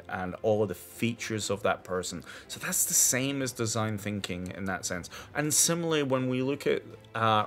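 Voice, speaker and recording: Guy walking through a tech demo, lowish voice, keeps restarting words. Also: fairly bright tone. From Scotland. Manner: halting, restarts and repeats words while explaining. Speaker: technology presenter. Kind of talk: screen-share tech demo.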